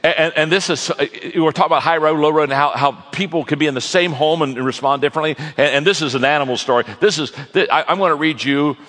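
A man's voice: fairly high pitch, quick pace, few pauses, fairly bright tone. A man preaching a sermon in a folksy, joking storytelling manner to a large audience. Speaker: pastor, guest speaker. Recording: long reverb of a large hall.

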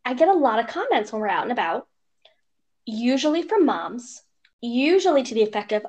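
A young woman co-hosting a casual podcast, telling stories in an animated way and mimicking strangers' voices. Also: on the high side, fairly quick. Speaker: podcast co-host. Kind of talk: casual chat.

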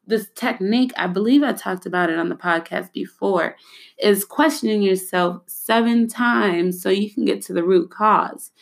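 A woman's voice: mid-range voice, vocal fry. A young adult woman hosting a podcast, talking in a chatty, personal way and often addressing listeners as "y'all.". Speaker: podcast host. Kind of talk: casual podcast monologue.

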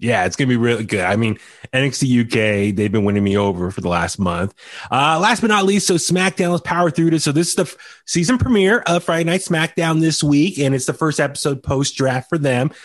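A man's voice: medium pitch, a little fast, dry recording, studio quality. A man hosting a casual podcast recap, talking loosely with lots of fillers and restarts. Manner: chatty, many fillers and restarts. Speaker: podcast host. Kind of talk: casual wrestling recap chat.

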